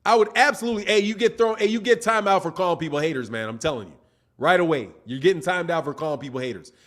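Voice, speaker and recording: High-voiced man arguing on a live stream. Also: quick pace. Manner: animated, argumentative, asks repeated rhetorical questions. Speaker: boxing channel host. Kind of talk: live-stream commentary, reading viewer chats.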